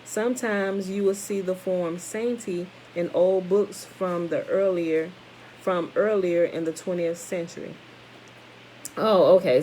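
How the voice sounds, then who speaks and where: A woman's voice: on the low side, darkish tone, slight background noise, low-quality recording. A woman reading a text aloud to listeners, stopping for casual asides and correcting her own stumbles. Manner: reads steadily, breaks off for informal comments to listeners; stumbles over words and corrects herself.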